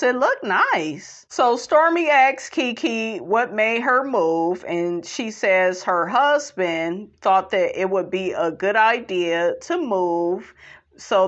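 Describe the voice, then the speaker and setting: A woman's voice: medium pitch, highs cut off. A woman casually recapping a reality TV episode, sassy and chatty, laughing often and calling people honey.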